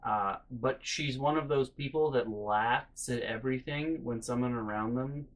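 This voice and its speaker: A young man telling family stories in a casual vlog, animated and profane, with frequent exasperation. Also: mid-range voice, measured pace, poor audio. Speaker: vlogger.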